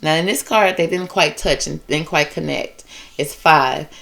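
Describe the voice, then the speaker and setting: A woman with a low, deep-set voice reads tarot cards in a loose, conversational monologue, with features. She repeats phrases and lingers on words as she works through each card. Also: gravelly, a bit bright. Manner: conversational, repetitive, emotive, drawn-out phrasing. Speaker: tarot reader. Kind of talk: casual tarot reading monologue.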